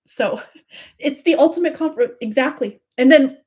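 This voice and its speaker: Woman, tarot reader hosting a live stream; slightly high voice, effusive, chatty, spiritual. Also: moderate pace, a little mellow. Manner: effusive, breathless, spiritual, many likes and fillers. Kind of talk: live tarot reading, casual and gushing.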